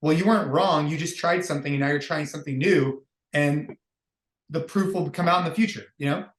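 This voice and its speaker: A man hosts a relaxed podcast conversation about running a fitness business, upbeat and reflective. His voice sits fairly high for a man, and he often restarts his sentences. The recording has a roomy echo around him. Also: brisk. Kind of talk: casual podcast chat.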